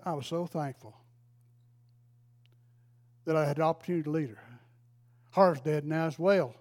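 A man's voice: on the high side, normal speed, a little mellow. Folksy older preacher man. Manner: folksy, emotional, exclaims praise. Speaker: retired pastor. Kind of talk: storytelling sermon.

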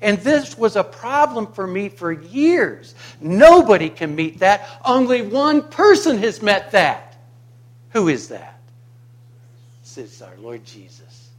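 Impassioned high-voiced male preacher. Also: sing-song, slow pace. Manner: impassioned, swings from quiet to loud; rhetorical questions to the congregation. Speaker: pastor. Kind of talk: sermon.

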